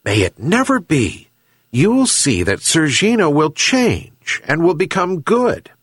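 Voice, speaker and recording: A man's voice: fairly high pitch, very animated, slow, slightly rough, dry recording, studio quality, pitched above the performer's own voice, heavily acted. A man voicing a kind old fisherman in a storybook reading, raising his voice to call and plead. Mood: hopeful. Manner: pleading, calling out loud.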